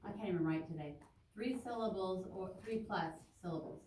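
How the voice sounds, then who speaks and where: A woman's voice: fairly low pitch, a little fast, mellow, far from the mic, a little hiss or hum. A woman teaching an adult English class, chatting loosely and interrupting herself as she explains grammar. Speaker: ESL teacher. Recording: echoey classroom taped from afar.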